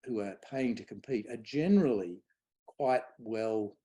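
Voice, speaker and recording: A middle-aged man, a guest on event safety, telling anecdotes in a lively way and acting out quoted dialogue. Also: fairly low pitch, unhurried. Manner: animated storyteller, acts out quoted dialogue. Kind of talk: conversational anecdote.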